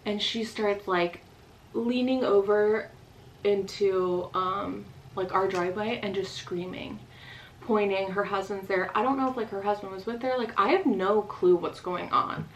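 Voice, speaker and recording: Woman vlogger rambling through a storytime, fast, lots of likes, faint hiss behind. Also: mid-range voice, fairly even intonation, low-quality recording. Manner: rapid, full of "like" fillers. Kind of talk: casual storytime chat.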